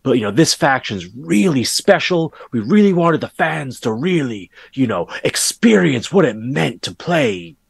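A man's voice: mid-range voice, big pitch swings, creaky, breathy edge, no echo, pitched above the performer's own voice, exaggerated voice. A man voicing a smug male game designer in a mocking, pompous way, with a bad put-on English accent. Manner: mocking, drawn-out pompous phrasing.

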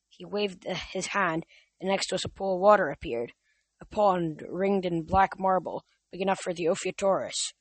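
A young man reading a novel aloud for his podcast in a casual, halting way. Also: high voice, dry recording. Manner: halting, with restarts and fillers. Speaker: podcast reader.

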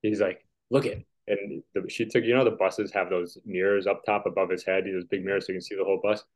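A man's voice: deep voice, little pitch movement, fast talker. A man in his forties, a guest on a video call, telling casual stories in a rambling way with lots of fillers. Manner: rambling, filler-heavy, chuckling. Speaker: podcast guest, tennis player. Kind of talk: casual storytelling. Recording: dull lo-fi call audio.

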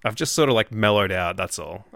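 A man, a podcast guest, chatting in a relaxed way and laughing often. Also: fairly low pitch, brisk, vocal fry, no room sound, studio quality. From Australia. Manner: laid-back, laughs often. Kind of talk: casual podcast chat.

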